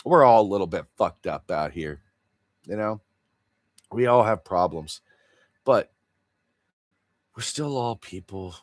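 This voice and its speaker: A man hosting a livestream drifts from topic to topic in an earnest, confessional way. His pitch swings up and down a lot as he talks, and the recording is close and dry with no room sound. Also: lively intonation, takes it slowly, long pauses, no room sound. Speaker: livestream host. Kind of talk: casual livestream chat.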